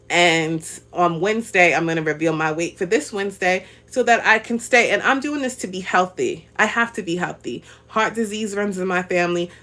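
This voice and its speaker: A woman's voice: fairly low pitch, a bit bright. A woman in her thirties hosting a casual live stream, chatting in an upbeat, motivational way straight to her viewers and answering their comments. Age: 30s. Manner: reads out viewer comments and laughs often. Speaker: livestream host.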